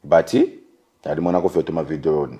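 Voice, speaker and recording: A man's voice: extremely low pitch, fast talker, breathy edge. A Zambian man, a musician guest, chatting loosely in an interview, switching between English and Bemba with lots of "you know". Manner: relaxed, loose phrasing with frequent "you know" and "like". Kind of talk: casual interview chat mixing English and Bemba.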